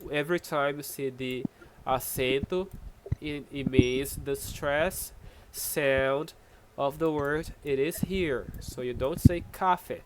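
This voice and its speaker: A man's voice: on the high side, noisy background. A Brazilian man teaching Portuguese online in English with a Brazilian accent, explaining patiently and checking in with "okay?" often. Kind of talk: online language lesson.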